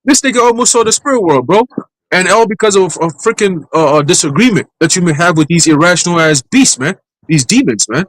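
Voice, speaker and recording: A man's voice: high-pitched, lively intonation, a little fast, a bit bright, dry recording, poor audio. Blunt man talking scripture, dry sound. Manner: blunt, profane, mimics others' voices in quoted lines. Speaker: church group speaker. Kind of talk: casual scripture discussion.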